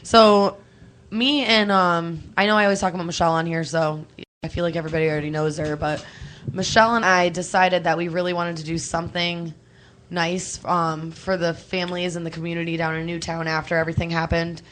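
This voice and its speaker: A young woman, chatting on a call-in show, animated and quick to laugh, emotional and close to tears at times. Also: lowish voice, a little hiss or hum. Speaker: co-host. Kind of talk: casual radio chat.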